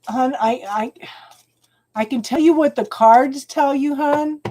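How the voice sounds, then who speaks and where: High-voiced and slow, a tarot reader chats through her live card readings, affectionately addressing viewers as hon. She gets tearful and emotional as the cards come up, with background noise behind her.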